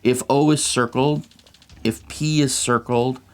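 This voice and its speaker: A man's voice: mid-range voice, steady tone, unhurried. A man hosting a tabletop game, reading the scenario aloud and explaining rules patiently.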